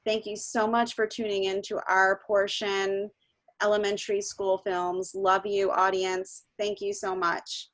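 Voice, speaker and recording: A woman's voice: mid-range voice, level tone, measured pace, fairly bright tone. Enthusiastic woman hosting a festival. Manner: enthusiastic, thanking viewers. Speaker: festival host. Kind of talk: casual chat.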